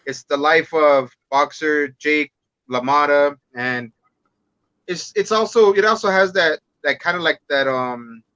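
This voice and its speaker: Male podcast guest, bright and forceful, rambling casual speech, dull dry audio. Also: fairly high pitch, a little slow, smooth, no echo. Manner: rambling, restarts and fillers, casual swearing. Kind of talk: casual movie talk.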